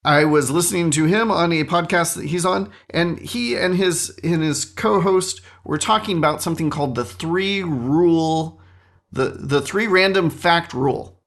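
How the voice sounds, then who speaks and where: A man hosting a solo podcast, telling a story in an animated, self-mocking way into a studio microphone. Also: fairly high pitch, moderate pace. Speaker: podcast host.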